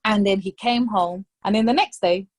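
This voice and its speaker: Animated woman telling a story, phrases. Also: mid-range voice, normal speed. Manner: animated storytelling, acts out voices, code-switches to Spanish. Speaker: podcast guest. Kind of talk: casual storytelling chat.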